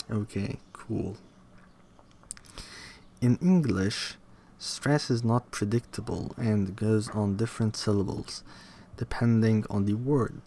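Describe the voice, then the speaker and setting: A young man reading a linguistics textbook aloud in a slow, halting way, pausing to repeat words to himself. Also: lowish voice, darkish tone, a little hiss or hum. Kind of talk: casual read-aloud study session.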